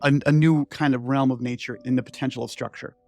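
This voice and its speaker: A man's voice: medium pitch, steady tone, quick pace, over music. A man in his sixties, an inventor telling his story in a loose, digressive interview chat full of "like" and "right?" asides. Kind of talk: rambling conversational storytelling.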